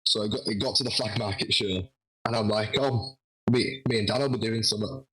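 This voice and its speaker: A man telling a lively story in a casual interview, acting out what people said. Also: on the low side, a little fast, slightly rough, rough recording. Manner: animated, acts out quoted dialogue. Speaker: guest wrestler.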